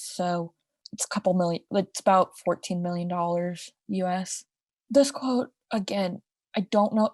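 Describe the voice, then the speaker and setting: A young woman with a low-ish, mellow voice co-hosts a podcast, recorded in clean studio quality with no echo. She tells a crime story in a casual, chatty way, full of asides and restarts.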